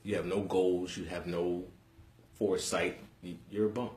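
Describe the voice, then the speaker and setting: A young New man with a very low, deep voice hosts a casual live stream from home, bantering bluntly with viewers. He talks in animated slang. The room around him sounds echoey. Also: moderate pace. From Harlem, New York City. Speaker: host of a live webcast.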